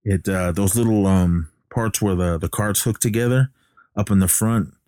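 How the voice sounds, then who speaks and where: A man with a very low, mellow voice recaps a film plot in a relaxed, halting way, full of restarts and filler sounds. The sound is dry and close, with no room echo.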